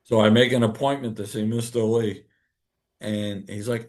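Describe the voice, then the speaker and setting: A man's voice: lowish voice, moderate pace. A man, a podcast guest telling a story and acting out the dialogue in it. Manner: animated, acts out quoted dialogue. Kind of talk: casual storytelling.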